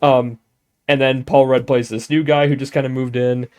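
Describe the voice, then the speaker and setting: A man co-hosting a podcast in casual chat, excitedly retelling a film with frequent swearing and laughter. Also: mid-range voice, moderate pace, smooth. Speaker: podcast co-host.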